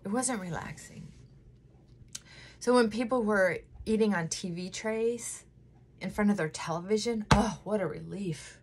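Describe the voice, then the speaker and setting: Woman, middle-aged, slow unhurried speech, emotional and candid, faint background hum. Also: mid-range voice. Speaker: vlogger. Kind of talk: casual chat while doing makeup.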